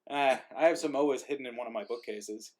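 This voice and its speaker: A man's voice: mid-range voice, fairly quick, a crowd in the background. Male writer-host, rambling and self-deprecating, chatting over a video call mic. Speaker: playwright and host of an online play reading. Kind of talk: casual chat on a video call.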